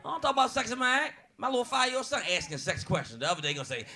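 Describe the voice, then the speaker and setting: A man in his forties tells raunchy stories in a brash, punchy stand-up comedy style, his voice sitting high for a man. He talks with a loud audience laughing behind him, and the live room adds a clear wash of noise. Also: expressive, rapid-fire, hardly any pauses. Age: 40s. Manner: brash, profane, punchy storytelling.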